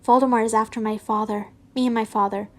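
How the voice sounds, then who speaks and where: A woman's voice: on the high side, fairly even intonation, fast talker, natural voice. A woman reading an earnest lovestruck young wizard. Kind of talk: reading fan fiction aloud.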